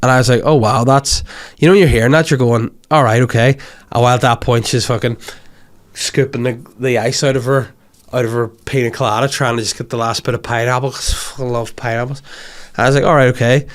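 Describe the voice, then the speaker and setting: A man's voice: medium pitch, quick pace. Sweary Northern Irish man telling stories. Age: 30s. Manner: sweary, animated, rambling. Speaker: comedian podcast host. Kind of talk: comic storytelling monologue.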